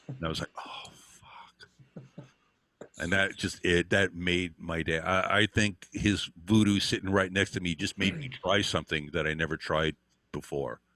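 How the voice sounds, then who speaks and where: Very deep-voiced older man telling stories. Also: a bit bright, no room sound. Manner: rambling anecdotes with frequent fillers and swearing. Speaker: interview guest, guitar teacher. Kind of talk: casual storytelling.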